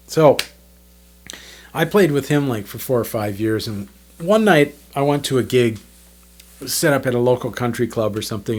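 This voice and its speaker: A man's voice: medium pitch, darkish tone, husky. A man in his fifties, a drummer and channel host, telling stories in a rambling, chatty way with frequent restarts. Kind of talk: casual storytelling monologue.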